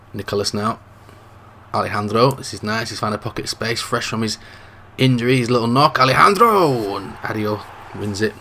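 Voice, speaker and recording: A male gaming host calls a video-game football match, his throat dry and prone to the odd cough. He speaks at a middle pitch in a mostly relaxed running commentary that rises into shouted excitement at big chances. A faint background hiss is present. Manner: mostly low-key running call that surges into shouts at goal chances.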